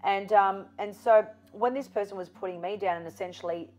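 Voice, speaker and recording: A woman's voice: mid-range voice, brisk, soft background music. A middle-aged Australian woman from Newcastle, a psychic guest telling stories in an interview and acting out the dialogue. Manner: animated storyteller, acts out quoted dialogue. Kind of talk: storytelling interview chat.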